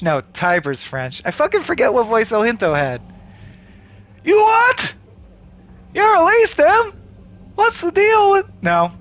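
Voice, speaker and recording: A man hosting a comedy show, reading a video game aloud and joking at his own expense. His voice sits fairly high for a man and jumps all over the place. He talks in a loose, playful way. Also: a bit bright. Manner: jokey, self-mocking asides. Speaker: comedy podcast host playing a game.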